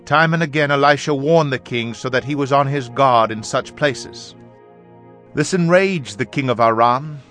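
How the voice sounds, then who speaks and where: A man reading scripture aloud in a measured, solemn manner. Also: medium pitch, fairly bright tone. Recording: faint music behind.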